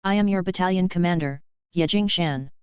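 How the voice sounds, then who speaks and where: A woman voicing a stern, cold male battalion commander with a severe voice, in a measured, even delivery. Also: fairly low pitch, smooth, dry recording, natural voice. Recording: slightly dull dry recording.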